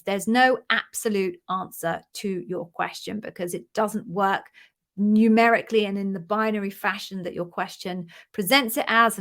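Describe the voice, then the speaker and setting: A middle-aged woman coaching job candidates, talking straight to the camera in a relaxed question-and-answer format. Her voice sits at an ordinary pitch for a woman. She sounds frank, chatty and encouraging as she walks through her advice. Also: vocal fry. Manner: direct, conversational, reassuring advice. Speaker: interview coach. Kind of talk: casual Q&A answering viewer questions.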